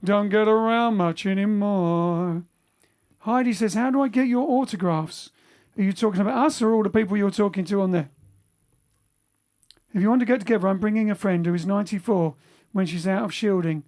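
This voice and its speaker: Hosting a band livestream from home during lockdown, a man reads out comments from viewers and chats in a rambling way with lots of fillers and restarts. His voice is high, a little mellow and slightly fast.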